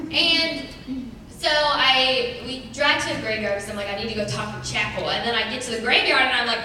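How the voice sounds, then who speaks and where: A young woman sharing a personal testimony with a church congregation, chatty and animated, with many "like" fillers. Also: a little high. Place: church hall. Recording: very echoey church hall, distant mic, faint noise.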